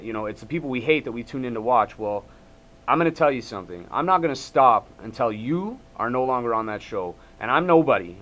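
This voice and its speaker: A man's voice: medium pitch, a bit bright. A man with a Canadian accent ranting angrily to camera as an MMA store owner, heated and repetitive, often stumbling and restarting. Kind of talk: angry direct-to-camera rant.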